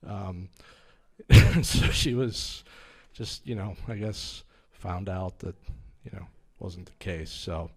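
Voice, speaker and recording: A man's voice: sits low, slow, breathy edge, low-quality recording. A man in his fifties telling stories in a stand-up comedy set, rambling and hesitant, with a self-deprecating manner. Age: 50s. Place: small comedy venue.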